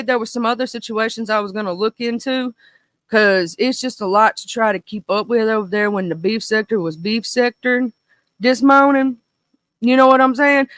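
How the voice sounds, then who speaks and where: A woman in her thirties with a Mississippi Southern accent, hosting a casual livestream chat in a goofy, animated, rambling way. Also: a little high, no echo. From small town in northern Mississippi, USA. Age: 30s. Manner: goofy, animated, talkative, goes off on tangents. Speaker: livestream host.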